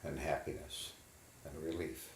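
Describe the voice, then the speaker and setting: A man in a guided imagery therapy session, slowly and haltingly describing what he feels in his body. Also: a bass voice, steady tone, roomy sound, noisy background. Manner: slow, halting, inward reporting of body sensations. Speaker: therapy client.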